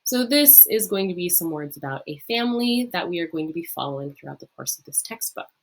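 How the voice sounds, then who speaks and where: A woman with a slightly low voice leads a recorded online lesson. She says phrases slowly and clearly for learners to repeat. In between she explains them in a friendly, informal way, with the odd um and uh. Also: lively intonation. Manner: slow, drawn-out modelling of phrases to repeat. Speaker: Latin teacher.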